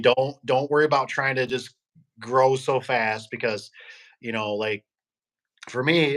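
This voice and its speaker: Speaking in a pushed, bright, mid-range voice, a man who runs a garage door business chats casually on a podcast. He wanders through stories and acts out the voices of the people he quotes.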